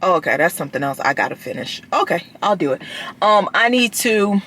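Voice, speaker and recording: A woman's voice: lowish voice, sing-song, brisk, a bit bright, a little hiss or hum. Chatty woman vlogger talking to viewers. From United States. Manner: chatty, addresses viewers as "y'all", trails off and restarts. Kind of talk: casual vlog chat.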